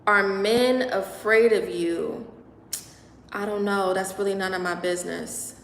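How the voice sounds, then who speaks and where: A woman's voice: mid-range voice, steady tone, a little slow, gravelly, fairly bright tone. A young woman hosting a casual livestream, chatting at length and reading out and answering viewers' comments. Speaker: livestream host. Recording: echoey room with long reverb.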